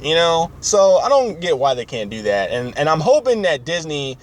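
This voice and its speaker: A man's voice: on the high side, sing-song, normal speed. Rambling, opinionated male podcast host. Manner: rambling, opinionated, many fillers. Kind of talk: casual chat.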